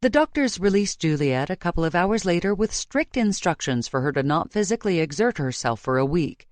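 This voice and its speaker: Brief: woman narrator, measured and emotive, slightly low voice, dry close mic. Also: animated, darkish tone, no echo. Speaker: audiobook narrator. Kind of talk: scripted romance narration. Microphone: close studio mic.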